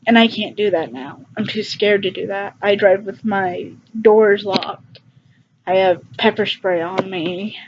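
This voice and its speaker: A young woman tells a personal story to her camera, halting and subdued, with frequent fillers. Her pitch sits at a middling level for a woman, and the recording sounds slightly dull and lo-fi. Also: a little hiss or hum. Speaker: vlogger.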